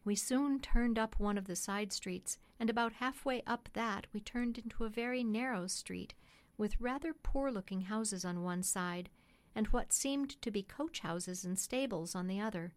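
Woman calmly narrating a classic story. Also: medium pitch, moderate pace. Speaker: audiobook narrator.

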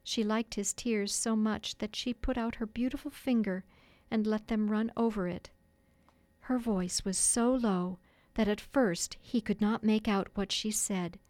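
Woman narrator, storybook, expressive and measured, dry close mic. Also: medium pitch, no room sound.

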